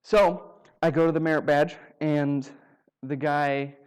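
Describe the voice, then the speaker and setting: A man with a somewhat high voice tells a personal story before a live audience. He is wry and self-mocking, and he slips into quick acted-out exchanges as he goes. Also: steady tone, a little mellow, clean tone. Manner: humorous, self-mocking delivery that acts out dialogue.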